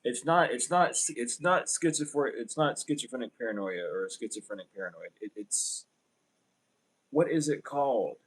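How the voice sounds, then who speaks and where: A man's voice: medium pitch, normal speed, a bit bright, husky. A man giving a casual livestream tarot reading, rambling and blunt, with lots of fillers. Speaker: tarot reader.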